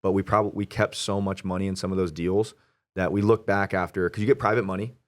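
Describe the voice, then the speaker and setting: A young man talking casually as an interview guest, telling stories animatedly and quoting himself. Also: sits low. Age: young adult. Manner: animated storyteller, quoting himself, quick asides. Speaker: real estate investor guest.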